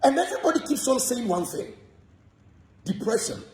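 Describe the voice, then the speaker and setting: Fast and heated, a Ghanaian man launches an animated, repetitive gossip monologue. His high voice bounces up and down from one phrase to the next, echoing clearly in the room over slight background noise.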